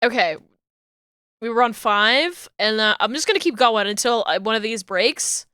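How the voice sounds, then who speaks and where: A woman's voice: on the high side, moderate pace, bright, forceful tone, clear, resonant tone, no room sound, studio quality. A woman streaming live, chatting casually and playfully with her viewers and giggling while she works. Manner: playful and giggly, talks to chat while working.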